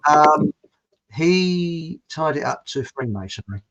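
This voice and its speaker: A British man hosts a casual chat, rambling chattily and laughing at his own jokes, in a British English accent. His voice is a little high, animated, slow and a bit bright, and the lo-fi audio sounds muffled.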